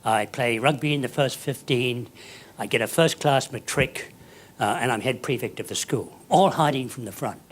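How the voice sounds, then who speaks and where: A man, giving a motivational speech full of stories, sinking to whispers and then bursting into loud exclamations. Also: mid-range voice, moderate pace, a little hiss or hum. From South Africa. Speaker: keynote speaker.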